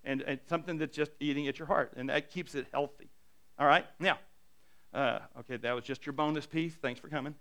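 A middle-aged man preaching a sermon as a pastor, animated and self-deprecating, swinging between hushed and loud. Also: on the high side, fairly quick.

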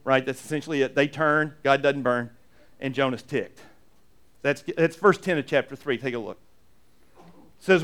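A pastor preaching a conversational sermon, emphatic, often checking in with the congregation and reading scripture aloud slowly and expressively. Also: male voice, mid-range voice, a bit bright, clean tone. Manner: emphatic, frequently asks "right?" to the congregation.

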